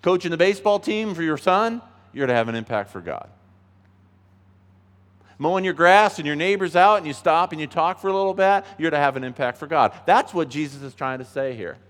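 A man preaching a sermon as pastor, earnest and emphatic, dropping to soft asides and rising to loud stresses. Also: a little high, animated, a little fast. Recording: long hall reverb.

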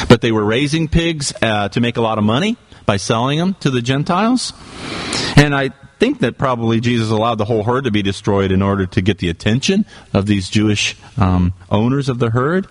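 A man preaching a sermon in a church, talking through a scripture passage in a conversational, emphatic way with casual asides. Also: lowish voice. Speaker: pastor.

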